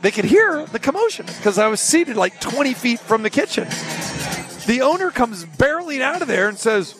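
A man hosting a live radio show from an arena, telling a story in a casual, animated way and acting out the people in it. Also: high voice. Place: arena during a live broadcast. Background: music and an arena crowd.

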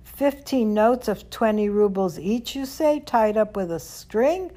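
A woman's voice: mid-range voice, lively intonation, unhurried, dark tone, lightly acted. A woman voicing a kind, humble, poor male rabbi in a storybook reading, earnest and eager to help.

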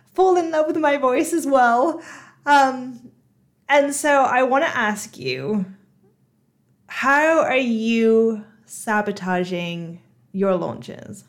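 A woman with a Bristol accent, hosting her own podcast as a hypnotherapist and coach, talking casually with many fillers. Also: mid-range voice. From Bristol, England. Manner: chatty, frequent "you know" and "like" fillers. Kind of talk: solo podcast monologue.

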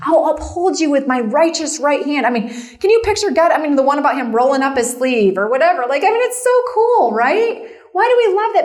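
High-voiced chatty woman preaching. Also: darkish tone. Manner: chatty, self-deprecating, lots of "like" and "right?". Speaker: camp meeting speaker. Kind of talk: conversational sermon.

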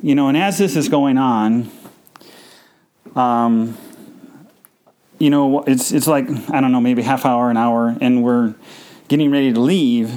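A man hosting a podcast, telling a personal story in a halting, emotional way, full of fillers and restarts. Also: mid-range voice, steady tone, dark tone, rough recording. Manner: emotional, subdued. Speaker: podcast host.

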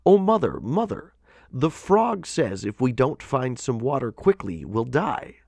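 A man voicing frightened little fishes in a storybook parable, high, loud and distressed. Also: big pitch swings, unhurried, creaky, no room sound, clean studio sound, heavily acted.

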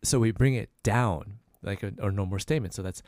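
A man hosting a language lesson podcast, repeating each phrase slowly and then faster so listeners can practice. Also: on the low side, sing-song, darkish tone, no echo, studio quality. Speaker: podcast host teaching Korean.

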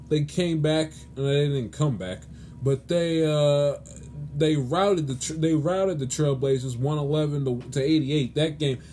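Hosting his own sports show, a man delivers an exasperated, pleading solo rant full of stammers and restarts. His voice is fairly high and warm, with slight background noise.

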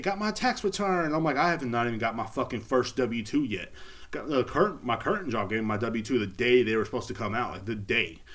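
A man hosting a solo podcast from home, ranting in a rambling, profane and exasperated way. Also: fairly low pitch. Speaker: podcast host. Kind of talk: casual solo rant.

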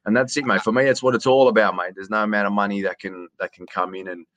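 A man's voice: lowish voice, fairly even intonation, quick pace, a bit bright, dry recording. A man with an Australian accent, a stadium announcer chatting as a guest on a podcast, rambling and repeating words, calling the host mate. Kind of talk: casual podcast conversation. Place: hotel quarantine room.

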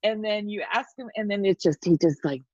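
A woman's voice: medium pitch, brisk, dark tone, no echo, muffled recording. A woman co-hosting a casual podcast chat, talking in an emphatic, reflective way.

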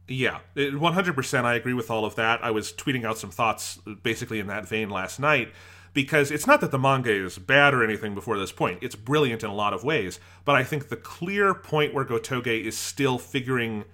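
A man's voice: medium pitch, expressive, fairly quick, sharp tone. A man co-hosting a casual podcast about anime, gushing with enthusiasm and acting out his own reactions. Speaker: podcast co-host.

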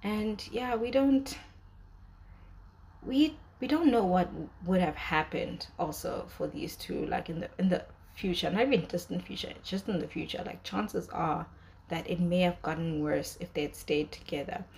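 A woman's voice: lowish voice, moderate pace, gravelly, a little mellow. A young woman in casual commentary, talking emotionally about a drama's breakup with many fillers and restarts. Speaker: drama reviewer.

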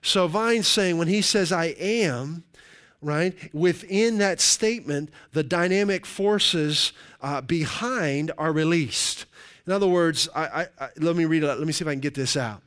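A middle-aged man delivering a sermon from the pulpit in a somewhat high voice. He preaches in a conversational way and keeps checking in with his listeners with "right?". His tone stays plain and direct. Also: measured pace, a bit bright, clear, resonant tone. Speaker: pastor.

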